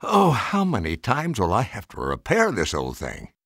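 A man's voice: on the low side, huge pitch swings, normal speed, fairly bright tone, no echo, clean studio sound, exaggerated voice. An elderly man in his eighties voicing a kindly white-haired old toy maker who grumbles mildly and sighs. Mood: weary. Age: 80s.

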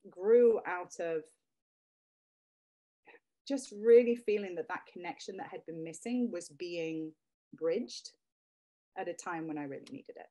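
Heartfelt woman, lower voice. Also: a little slow, pauses often, warm tone. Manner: heartfelt, near tears at times. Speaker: guest, product creator. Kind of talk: emotional interview.

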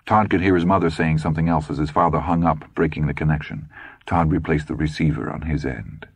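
A man narrating an audiobook in a measured, tense storytelling manner. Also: a bass voice, slightly rough, dry recording.

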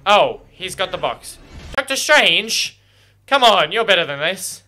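Male reaction host, excitable, curses a lot, high-ish voice, talks to the screen. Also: moderate pace, faint music behind. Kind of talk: casual first-watch reaction commentary.

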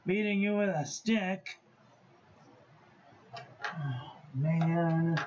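A man vlogging about stationery, talking to himself in an expressive, profane way as he tests inks. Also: a little high, drawn-out words, highs cut off, background noise. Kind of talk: casual unboxing vlog.

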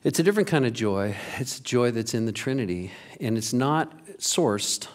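Preaching to his congregation, a pastor with a mid-range voice reads scripture deliberately and emphatically. Every so often he shifts into lively asides directed at the people listening.

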